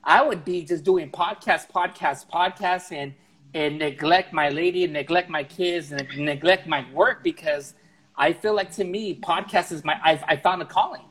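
Earnest man with a husky voice. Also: a little high, moderate pace, a bit bright, low-quality recording. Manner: earnest, heartfelt, frank. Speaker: podcast guest. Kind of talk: casual conversation.

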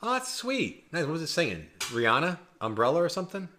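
A man co-hosting a casual podcast, trading jokes and laughing easily. His lines often drop off softly at the end. There is a faint hiss under the recording. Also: on the high side, very animated, quick pace. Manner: joking, laughs often, trails off quietly. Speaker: podcast co-host. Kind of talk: casual chat.

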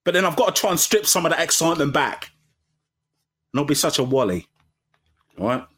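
A chatty man hosting his podcast from home, with a voice that rises and falls a lot. He sits fairly high for a man and talks with self-mocking humour, dropping low, then bursting up loud. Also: big pitch swings, brisk, husky. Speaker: podcast host. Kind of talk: casual solo podcast chat. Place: at home, sitting under a blanket. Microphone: home podcast mic.

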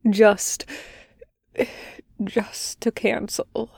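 A woman voicing a desperate, starving young man on a phone call, speaking in a hushed, halting rasp. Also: mid-range voice, level tone, no echo, clean studio sound, full character voice. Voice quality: ragged, rasping.

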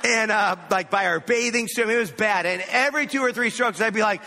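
A man preaching a sermon, telling a lively, self-mocking story about himself. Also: high voice, fast. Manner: animated, self-mocking anecdote. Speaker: pastor. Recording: echoey hall.

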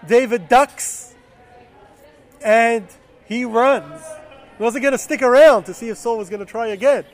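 High-voiced man retelling a Bible story. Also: unhurried. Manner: loose, with fillers and self-corrections.

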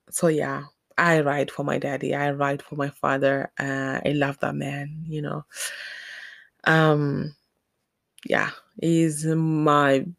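A woman in her thirties from Zimbabwe, hosting a podcast and telling personal stories in a casual, animated way, laughing often. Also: creaky, no echo, studio quality. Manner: animated, laughs often, acts out scenes with pitch jumps. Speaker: podcast host. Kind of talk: casual storytelling monologue.

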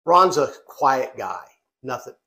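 A man co-hosting a family podcast, telling funny stories in a lively, casual way and often cracking up as he talks. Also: mid-range voice, slow pace. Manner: animated storyteller who breaks into laughter. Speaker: podcast co-host.

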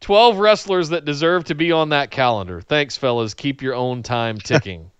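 A man with a Southern US accent, co-hosting a casual podcast chat in an animated, excitable way and laughing often. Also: on the high side, normal speed, smooth, dry recording, muffled recording. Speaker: podcast co-host. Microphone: remote call.

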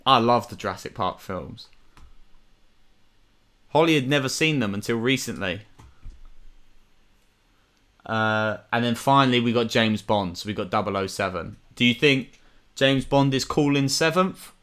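A young man talks through a casual podcast chat at an easy, relaxed pace. His voice is bright and forward, and he keeps it loose and friendly with slang. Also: medium pitch, measured pace, long pauses. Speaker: podcast co-host. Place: home, remote call.

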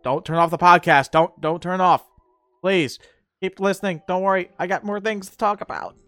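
A man's voice: high voice, steady tone, normal speed, bright, forceful tone, clear, resonant tone, no room sound. A man hosting a casual solo podcast, rambling and laughing at his own jokes. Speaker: podcast host.

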